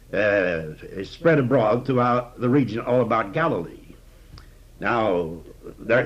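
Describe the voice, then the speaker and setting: A man teaching a sermon on scripture in a measured, conversational way with frequent fillers. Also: mid-range voice, breathy edge. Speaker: Bible teacher. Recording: dull lo-fi recording.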